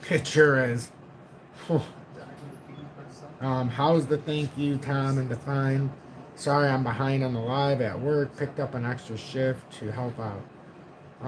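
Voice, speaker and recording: Calm low-voiced middle-aged man. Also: a little hiss or hum, poor audio. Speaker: livestream host. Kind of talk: casual live chat reading comments. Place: home.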